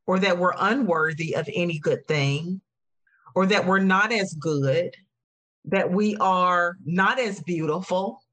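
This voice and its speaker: A woman's voice: lowish voice, a bit bright. Emotional, earnest woman podcast host. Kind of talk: heartfelt conversational podcast talk.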